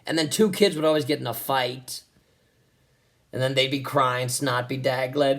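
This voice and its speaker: A man doing a stand-up routine, animated and exasperated, with crude punchlines. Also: mid-range voice, normal speed. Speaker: stand-up comedian.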